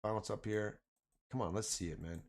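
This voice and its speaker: A Canadian stock trading livestreamer talks to his chat in a lowish voice at a moderate pace, with some vocal fry. His market commentary is casual, slangy and animated, and he calls his viewers "man" and "boys."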